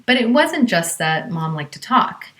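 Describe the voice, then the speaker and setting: A woman's voice: mid-range voice, big pitch swings, a little slow, a bit bright. A woman from Southern California telling a personal story in a conversational way, with many fillers.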